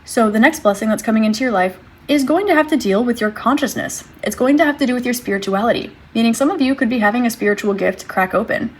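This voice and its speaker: Breathy woman giving a gentle tarot reading. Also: fairly high pitch, quick pace. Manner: gentle, reassuring, thinks aloud while drawing cards. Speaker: tarot reader. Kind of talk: tarot reading addressed to viewers.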